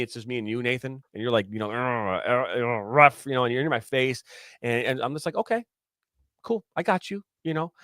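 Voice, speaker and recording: A former soccer referee on a podcast, telling stories in a lively way and acting out what players and coaches said. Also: male voice, mid-range voice, no room sound, studio quality. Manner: animated storyteller acting out quotes, many restarts. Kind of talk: casual storytelling chat.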